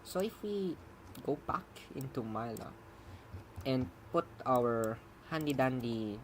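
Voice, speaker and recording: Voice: mid-range voice, lively intonation, takes it slowly, a little hiss or hum. A programmer giving casual live-coding commentary, rambling, chuckling and muttering while debugging, with keyboard typing behind. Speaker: programmer streaming their own coding.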